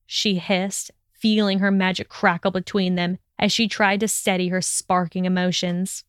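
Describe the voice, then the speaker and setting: Woman with a smooth, clear reading voice. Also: lowish voice, level tone, moderate pace, few pauses, dry recording, clean studio sound. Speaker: narrator. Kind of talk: reading fan fiction aloud.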